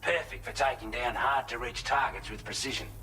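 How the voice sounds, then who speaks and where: A man's voice: medium pitch, fairly even intonation, fairly quick, bright, forceful tone, a little hiss or hum, natural voice, poor audio. An actor playing a friendly male shelter technician with an Australian accent, briefing a courier in video game dialogue. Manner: upbeat, matter-of-fact briefing.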